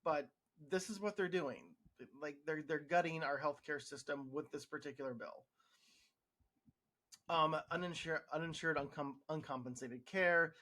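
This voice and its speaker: Frustrated man, slightly high voice. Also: normal speed, bright, forceful tone. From United States. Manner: frustrated, sarcastic, with frequent restarts. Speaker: healthcare worker podcast host. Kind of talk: opinion monologue.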